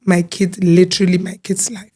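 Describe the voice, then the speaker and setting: A woman speaking as an interview guest, telling her own story in an earnest, halting way with frequent repeated words. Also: fairly low pitch, flat delivery, warm tone. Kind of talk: personal testimony in an interview.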